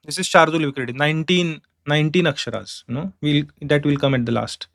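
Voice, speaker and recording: A man teaching a class, explaining step by step and chanting verses slowly in meter. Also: on the high side, vocal fry, a bit bright, no room sound, clean studio sound. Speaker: Sanskrit teacher. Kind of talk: online class lecture.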